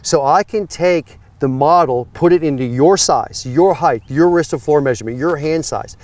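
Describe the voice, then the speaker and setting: A man who fits and teaches golf clubs, telling a story in a lively, emphatic way. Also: on the high side, moderate pace, no room sound. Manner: animated, rising to emphatic when excited. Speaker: golf club fitter and instructor. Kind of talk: conversational storytelling.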